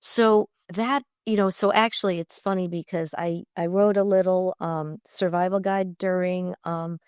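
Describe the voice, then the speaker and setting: A woman's voice: lowish voice, steady tone, unhurried, a little mellow, clean tone, dry recording, studio quality. A middle-aged woman from Long Island, a podcast guest talking in an enthusiastic, chatty way with many fillers. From Long Island, New York. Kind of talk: conversational interview.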